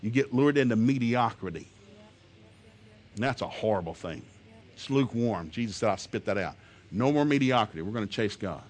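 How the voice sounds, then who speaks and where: A man preaching a sermon to a congregation in a folksy, emphatic way, rising to loud, fervent peaks as he quotes scripture and chuckling between lines. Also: lowish voice, lively intonation, fairly quick. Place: church service before a congregation.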